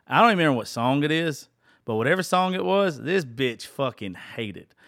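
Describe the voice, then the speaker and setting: A man's voice: on the high side, animated, brisk, gravelly, a bit bright, no room sound, clean studio sound. A man telling a personal story as a podcast host, blunt, exasperated and full of cussing.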